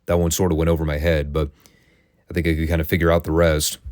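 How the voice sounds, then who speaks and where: A man's voice: very deep voice, flat delivery, quick pace, a little mellow, no echo, clean studio sound. A man hosting a casual solo recap show, telling the story in a chatty, wry, opinionated way. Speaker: wrestling recap host.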